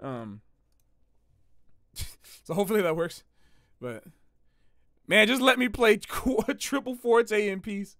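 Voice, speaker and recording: A man, a jazz musician hosting a livestream, talking in a casual, slangy and animated way and repeating phrases for emphasis. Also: high-pitched, takes it slowly, long pauses, no echo, clean studio sound.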